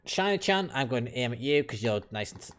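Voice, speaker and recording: A man's voice: medium pitch, fast talker. British male streamer, blunt, profane and opinionated, casual chat with viewers, mid-range voice. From United Kingdom. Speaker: game streamer. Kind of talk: casual live-stream chat while playing.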